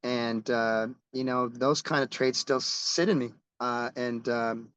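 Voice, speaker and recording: A man's voice: medium pitch, steady tone, slow, fairly bright tone, clean tone, dry recording, rough recording. A middle-aged man, a rock musician, telling stories in a casual interview, rambling and restarting as he goes and swearing casually.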